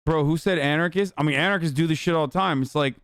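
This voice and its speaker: A man's voice: a little high, fast talker, a bit bright, clean tone, dry recording. A young man streamer ranting heatedly and profanely in live-stream commentary, reading posts and mocking them.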